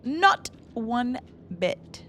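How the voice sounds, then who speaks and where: A young woman chatting her way through a horror game on stream, blunt and quick to swear. She speaks slowly, her fairly high voice rising and falling with lively swings. Faint game music plays behind her. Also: background noise. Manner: blunt, profane, joking asides. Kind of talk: casual gameplay commentary.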